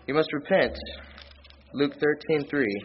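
A lay preacher delivers a sermon in church, reading scripture aloud plainly and earnestly. He speaks a little slowly, and his pitch and volume climb on the key points. The recording has its highs cut off.

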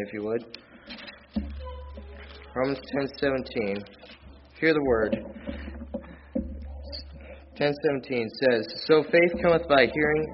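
A man preaching a sermon in church, reading scripture aloud in a plain, earnest way and rising in pitch and volume on his key points. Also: muffled recording, a little hiss or hum. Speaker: lay preacher.

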